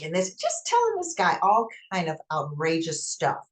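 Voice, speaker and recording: Low-voiced woman telling a story emphatically. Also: normal speed, hardly any pauses. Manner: emphatic, animated retelling with acted-out quotes. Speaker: podcast host. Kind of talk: personal storytelling monologue.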